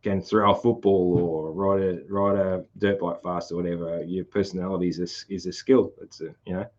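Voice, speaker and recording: A man's voice: deep voice, little pitch movement, a little fast, darkish tone, dull audio. A man with a broad rural Australian accent hosting a casual podcast chat, rambling with lots of fillers and restarts. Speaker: podcast host.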